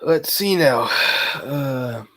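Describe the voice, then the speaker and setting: A man livestreaming, chatting casually with viewers in a halting way, full of fillers and self-corrections. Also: medium pitch, expressive, fairly bright tone. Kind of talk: casual live chat.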